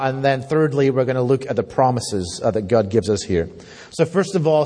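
A man preaching a sermon as pastor, reading scripture and praying, then teaching with animated, playful asides. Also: fairly high pitch, slightly rough. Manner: animated, playful asides, voices quoted speakers. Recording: long hall reverb.

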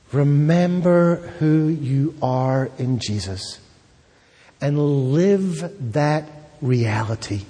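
A man's voice: a little high, dark tone, husky. A man preaching a sermon as a pastor, building emphasis through repeated phrases. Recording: long hall reverb.

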